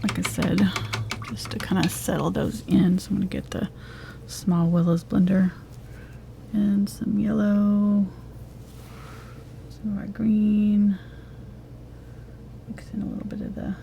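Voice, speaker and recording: A woman teaching a live acrylic painting tutorial, talking in a soft, relaxed way and often dropping to a whisper. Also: medium pitch, creaky, a little hiss or hum. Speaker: painting instructor.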